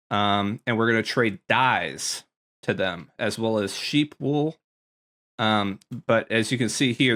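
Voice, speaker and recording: A man's voice: medium pitch, a bit bright. A man casually commentating a tour of his survival game world, rambling with lots of ums and self-corrections, a little out of breath. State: slightly out of breath. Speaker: gaming YouTuber.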